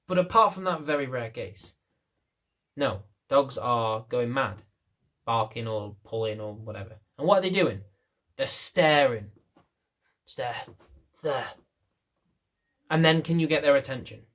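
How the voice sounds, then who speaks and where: A man's voice: medium pitch, animated, measured pace, pauses often, a bit bright. A man working as a dog trainer, explaining to camera in a chatty way, repeating phrases and acting out little scenes. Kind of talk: casual explainer talk to camera.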